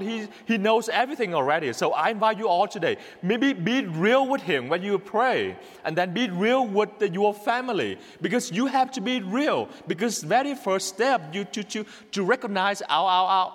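A man from Vietnam with a Vietnamese accent, a priest giving a homily in an earnest, repetitive way, laughing at himself now and then. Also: high voice. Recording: long reverb of a church hall.

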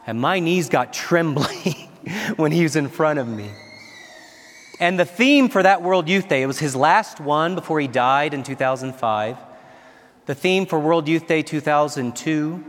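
Earnest priest in an echoing church. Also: male voice, fairly high pitch. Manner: earnest, chuckling often between phrases. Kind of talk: homily at Mass. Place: large church. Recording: echoey church with long reverb.

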